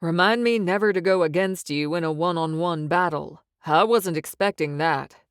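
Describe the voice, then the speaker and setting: A woman's voice: on the low side, moderate pace, smooth, no echo, studio quality, natural voice. A woman reading the part of a teasing, cocky male wizard in an audiobook, with mocking, sing-song taunts. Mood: flirtatious.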